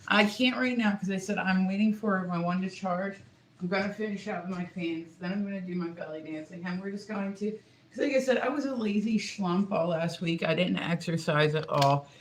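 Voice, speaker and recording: A man's voice: high-pitched, gravelly. A man chatting casually to viewers on a phone livestream, rambling with lots of fillers.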